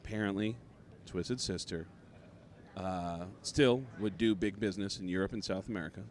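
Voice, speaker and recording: A man, a comedian guest, telling a story in a casual, animated way and jumping into quoted voices. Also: sits low, normal speed.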